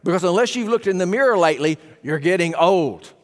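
High-voiced preacher in a reverberant hall. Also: male voice, expressive, brisk. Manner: emphatic, rhetorical questions to the congregation. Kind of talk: sermon. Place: church sanctuary.

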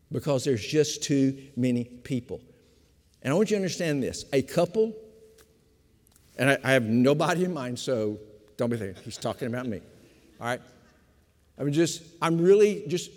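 An older man, a pastor of fifty years, preaching a sermon with emphatic repetition, slowing for stress and speeding through asides. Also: medium pitch, darkish tone. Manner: emphatic preaching, repeats key phrases, shifts between slow stress and quick asides. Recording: long hall reverb.

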